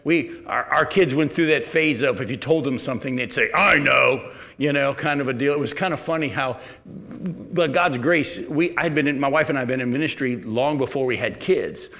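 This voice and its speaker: A middle-aged man preaching a sermon in a conversational, storytelling way, sometimes dropping to a quiet, low delivery. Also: normal speed. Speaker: pastor.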